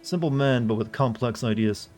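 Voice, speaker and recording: A man's voice: medium pitch, moderate pace, a little mellow. A man from the American South streaming a game live, chatting loosely and profanely with his viewers. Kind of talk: casual livestream commentary.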